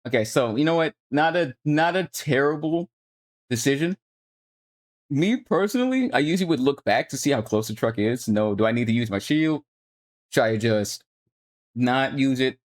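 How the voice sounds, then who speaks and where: A man's voice: mid-range voice, animated, moderate pace. A young man at home, streaming and reviewing gameplay footage in a laid-back, coaching tone that swears casually. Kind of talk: casual commentary.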